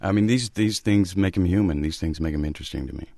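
Actor guy in an interview, very low voice, lots of ums, dry sound. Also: quick pace, gravelly, mellow, dry recording. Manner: thoughtful, hesitant, many ums. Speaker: actor guest. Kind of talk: interview talk.

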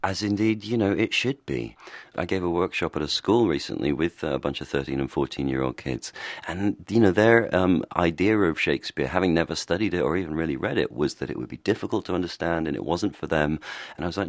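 A man with an extremely deep, low voice, speaking as a guest from a broadcast studio. He explains with eager energy and laughs easily, and the sound is close and dry. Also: expressive, a little fast, no echo. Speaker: guest, actor and director. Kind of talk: radio interview. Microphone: studio microphone.

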